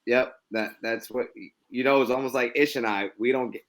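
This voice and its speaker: A man's voice: mid-range voice, steady tone, moderate pace, fairly bright tone. A middle-aged man in a casual podcast conversation, telling stories reflectively with many restarts.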